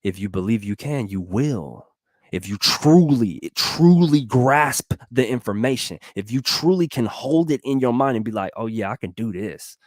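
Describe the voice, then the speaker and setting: Animated male motivational speaker, slangy and repetitive, pitch swings wide, dry close recording. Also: normal speed, dry recording. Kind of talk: energetic motivational monologue.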